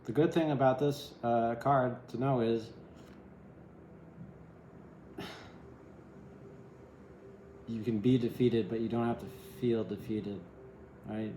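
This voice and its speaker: Rambling man giving a mellow tarot reading. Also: mid-range voice, steady tone, slow, long pauses, a little hiss or hum. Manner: rambling, keeps asking "right?"; self-deprecating, wry asides. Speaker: tarot reader. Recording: echoey room.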